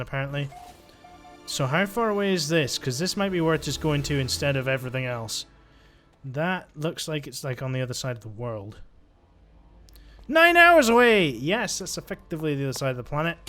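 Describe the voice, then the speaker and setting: A man with a medium-pitched, fairly bright voice gives casual let's-play commentary on a video game. He's chatty and joking, narrating his thoughts aloud.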